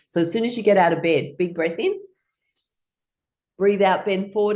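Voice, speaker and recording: A woman's voice: low-pitched, a little fast, a little mellow. A middle-aged woman teaching a guided laughter exercise class, playful and laughing often as she leads rhythmic ha-ha chants.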